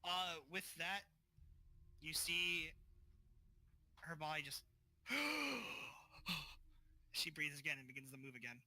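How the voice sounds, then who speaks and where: A man's voice: fairly high pitch, moderate pace, long pauses, bright, forceful tone, no echo, rough recording. A man narrating as game master of a tabletop game, casual and loose.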